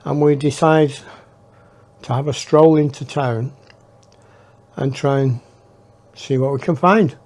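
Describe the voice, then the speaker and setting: A man's voice: medium pitch, steady tone, slow, long pauses, darkish tone. A man telling his memoir in a rambling, reflective way. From northern England. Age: 60s. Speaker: storyteller. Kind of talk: memoir storytelling.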